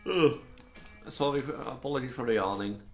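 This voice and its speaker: A man's voice: mid-range voice, expressive, fairly quick, bright, forceful tone, faint music behind. A man casually commenting on a horror game he plays, rambling and musing aloud with many "like"s. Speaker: gameplay streamer. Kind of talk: casual let's-play commentary.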